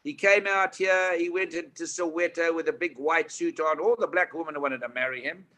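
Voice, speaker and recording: Older guy from south africa telling stories, bright forceful voice, kinda high, really animated. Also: moderate pace. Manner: lively anecdotes, animated impressions of others. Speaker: guest. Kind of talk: storytelling chat.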